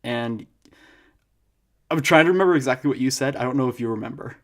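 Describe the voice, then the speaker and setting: A young man co-hosting a podcast in casual chat, telling stories with animated laughter. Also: mid-range voice, quick pace. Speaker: podcast co-host.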